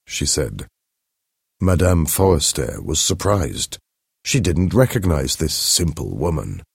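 A man reading a story aloud in a slow, expressive way. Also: extremely low pitch, gravelly, husky, dry recording, clean studio sound. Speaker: narrator. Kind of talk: scripted storybook narration.

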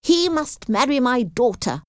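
A woman's voice: mid-range voice, expressive, takes it slowly, dry recording, studio quality, pitched above the performer's own voice. A woman reading aloud voices a haughty, aggressive old aristocratic lady who speaks in a commanding, hostile way. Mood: angry.

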